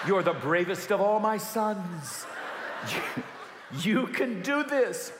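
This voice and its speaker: Animated pastor in his thirties, raised pitch, sermon in a reverberant hall. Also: normal speed. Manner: animated storyteller acting out dialogue. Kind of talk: sermon with personal story. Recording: echoey hall with long reverb.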